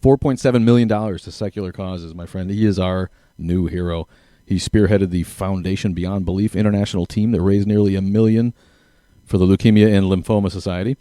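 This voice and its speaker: A man's voice: sits low, steady tone, brisk, mellow, no room sound, clean studio sound. A man hosting a live podcast, upbeat as he introduces his guest and reads out a bio. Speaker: podcast host. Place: small room in a downtown venue.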